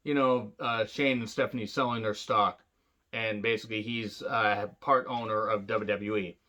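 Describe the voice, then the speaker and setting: A man's voice: fairly low pitch, steady tone, moderate pace, bright, forceful tone. A man giving a casual, rambling wrestling retro review, swearing freely and filling gaps with "uh" and "you know.". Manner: rambling, profane, lots of fillers and asides.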